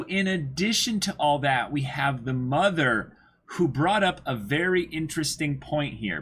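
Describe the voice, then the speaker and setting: A man co-hosting an anime reaction show, chatting casually and working through ideas slowly with restarts. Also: mid-range voice, pushed and bright, slightly rough. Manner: thoughtful, builds ideas slowly with restarts and fillers.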